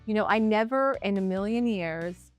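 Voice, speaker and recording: A middle-aged woman, a comedian and filmmaker, telling her own story to camera in an earnest, lively way. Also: medium pitch, moderate pace, soft background music. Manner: earnest, lively storyteller who acts out quoted voices.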